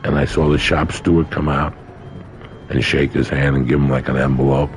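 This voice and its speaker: A man's voice: a bass voice, level tone, moderate pace, slight background noise. A man in his sixties, a podcast guest telling a story in casual chat, blunt and profane.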